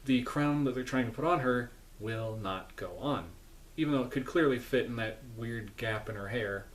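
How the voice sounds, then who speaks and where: A man's voice: medium pitch, normal speed. A sleepy man recapping a film from home in a casual, rambling way, correcting himself and making chatty asides. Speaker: vlogger.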